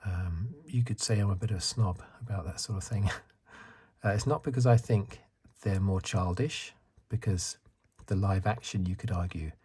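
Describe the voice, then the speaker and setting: Soft-spoken man with a very smooth, dark voice. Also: low-pitched, normal speed. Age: 50s. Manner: rambling, self-correcting, chuckles. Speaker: ASMR channel host. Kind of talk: soft-spoken ASMR chat.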